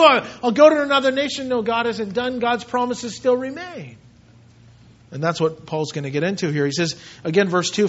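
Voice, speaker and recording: Male preacher, high voice, emphatic then hushed, on a dull lo-fi recording. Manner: emphatic, swings between loud and hushed. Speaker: pastor. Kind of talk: expository sermon reading scripture. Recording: muffled, dull lo-fi sound.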